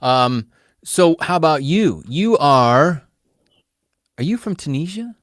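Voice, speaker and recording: A man hosting a podcast in a casual interview chat, animated and quick to laugh. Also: fairly high pitch, no echo, studio quality. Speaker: podcast host.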